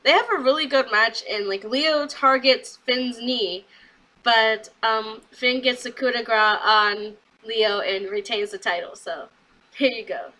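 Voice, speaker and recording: A young woman chats through a wrestling recap in a relaxed vlog style, laughing often and putting on little voices for the people she quotes. Her voice is bright and a touch high. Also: rough recording. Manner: giggly, acts out quotes in quick little voices. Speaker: wrestling show reviewer.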